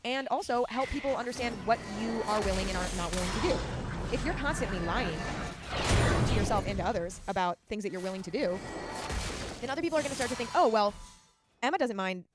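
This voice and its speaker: A woman hosting a podcast, giving casual advice in a fast, emphatic and chatty way. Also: a little high, lively intonation. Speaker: podcast host. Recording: loud music under the voice. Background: loud music.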